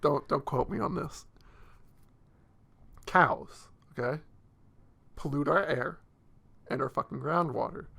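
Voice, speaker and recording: A man's voice: fairly high pitch, slow, vocal fry, long pauses, bright, forceful tone. A young man co-hosting a casual podcast, rambling and insisting on odd theories. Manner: rambling, insistent conspiracy rant. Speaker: podcast co-host. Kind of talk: casual chat.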